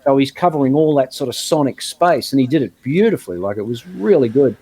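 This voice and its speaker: A man talking as a guitarist guest in a casual podcast chat, an animated storyteller who mimics other players. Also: medium pitch, brisk, husky.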